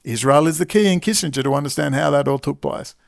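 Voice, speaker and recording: A man's voice: fairly high pitch, fast talker, vocal fry. A man ranting as a commentator in an angry monologue, swearing and saying he is exhausted. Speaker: political commentator.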